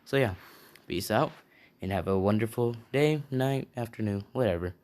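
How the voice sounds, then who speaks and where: A channel host improvises a fan-made story, rambling casually with plenty of fillers and restarts. His voice is lowish and a little mellow, at a moderate pace.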